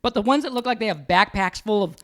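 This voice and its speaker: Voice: mid-range voice, animated, fast, a bit bright. A podcast co-host in casual banter, joking sarcastically and riffing along with the story. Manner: sarcastic, riffs and jokes along.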